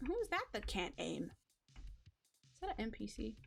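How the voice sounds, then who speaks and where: A young woman streaming a game, chatting in a rambling, excitable, self-mocking way. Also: a little high, normal speed, creaky, long pauses, faint music behind. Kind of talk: casual live-stream chatter.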